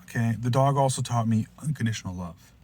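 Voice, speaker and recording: A man hosting a podcast, telling a rambling pet story in a casual way, restarting often and jumping into loud, high voices when he quotes someone. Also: brisk. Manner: rambling, with frequent restarts and asides. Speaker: podcast host.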